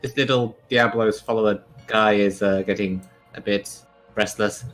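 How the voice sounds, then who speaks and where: A man's voice: fairly low pitch, steady tone, normal speed, a bit bright, soft background music. A man playing a tabletop game, chatting casually with wry, joking banter. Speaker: player.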